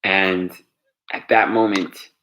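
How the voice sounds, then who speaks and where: A man telling a true story aloud, animated, with dramatic pauses. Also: low voice, a little hiss or hum. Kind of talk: oral storytelling.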